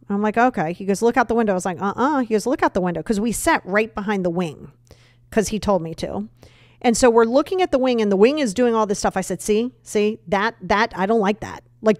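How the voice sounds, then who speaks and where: A woman's voice: a little high, dry recording, clean studio sound. A middle-aged woman hosting a podcast, telling a personal story and acting out both sides of a conversation. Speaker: podcast host. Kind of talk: storytelling monologue.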